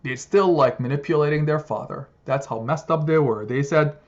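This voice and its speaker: A man's voice: on the high side, normal speed, hardly any pauses. A man teaching an impassioned weekly Quran study lesson, speaking emphatically, repeating phrases and asking rhetorical questions, in a slightly muffled recording. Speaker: religious study group teacher.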